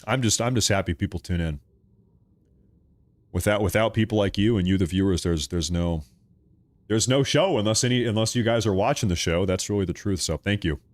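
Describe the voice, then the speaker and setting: A low-voiced man from Oregon talks briskly while hosting a live political stream, mixing frequent laughter and jokes with lively rants and viewer chat readings. The recording has no room sound.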